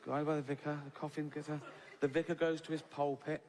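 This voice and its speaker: A man's voice: a little high, level tone, quick pace, darkish tone, a little hiss or hum. An English man in his sixties doing a stand-up routine, swearing freely, tagging lines with "right?" and laughing at his own story. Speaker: stand-up comedian. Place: large theatre stage. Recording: reverberant live venue, faint ambience.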